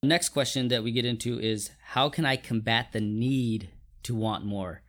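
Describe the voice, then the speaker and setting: A man's voice: medium pitch, moderate pace, a bit bright. A man co-hosting a casual faith discussion, talking thoughtfully and often restarting his sentences. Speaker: co-host.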